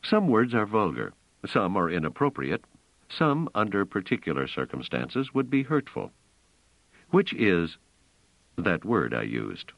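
A man voicing a persistent, probing man who questions in a measured way. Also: low voice, wildly swooping pitch, gravelly, dry recording, full character voice. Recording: slightly dull, dry audiobook recording.

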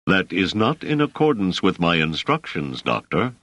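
A man reading an audiobook, voicing a large, formal soldier-sergeant who speaks in slow, stolid, measured syllables. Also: low voice, sing-song, a bit bright, no room sound, heavily acted. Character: gruff, commanding soldier-sergeant with slow rolling bass.

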